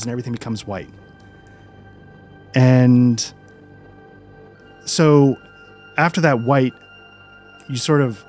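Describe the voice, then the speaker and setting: A man running a tabletop role-playing game as game master, calmly describing scenes with frequent fillers. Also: mid-range voice. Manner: calm descriptive narration with many fillers.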